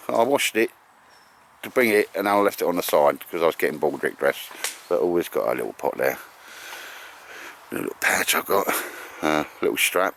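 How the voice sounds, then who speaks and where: Deep and a little bright, this man's voice carries casual, teasing banter with friends during a bushcraft outing filmed in chilly woods. He's a bushcraft vlogger in a joking, chatty mood, heard over slight background noise.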